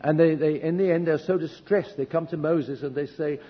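A man preaches a storytelling sermon in a church hall, his slightly rough voice a little high and steady in tone. He moves at a moderate pace with hardly any pauses, telling his own stories earnestly and with wry self-mockery. Dull church echo and a faint hiss color the recording.

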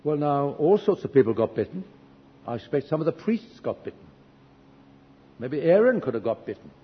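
A man's voice: on the high side, very animated, moderate pace, husky. Man preaching in an echoey church hall. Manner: earnest, self-deprecating storytelling with wry humor. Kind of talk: storytelling sermon. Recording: dull echoey church recording, faint hiss.

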